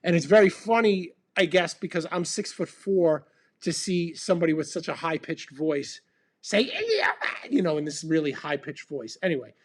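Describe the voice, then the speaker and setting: Drinking bourbon as he talks, a fifty-something band member hosts a relaxed livestream chat, rambling with plenty of ums. He speaks at a moderate pace in a voice on the high side.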